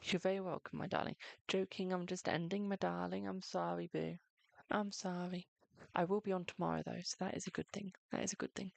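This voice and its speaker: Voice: medium pitch, little pitch movement, a little fast, creaky, no echo. A live-stream host doing tarot readings in a chatty, reassuring way, calling viewers "my darling" and leaning on "okay" between lines. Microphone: close microphone.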